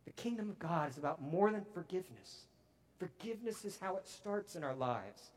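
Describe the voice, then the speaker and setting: Emphatic male preacher, soft to booming. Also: expressive, normal speed. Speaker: pastor. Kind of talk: sermon.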